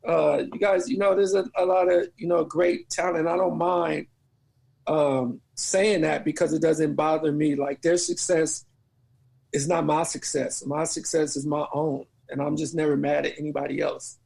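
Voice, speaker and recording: Man, high voice, gravelly and husky, animated storyteller, profane. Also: normal speed. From New Orleans. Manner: animated, profane, laughs through stories. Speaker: comedian guest. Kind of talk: casual storytelling.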